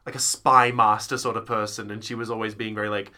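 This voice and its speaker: A man chatting casually on a podcast about theatre shows, rambling and animated, slipping into quick silly voices. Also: on the low side. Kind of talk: casual chat.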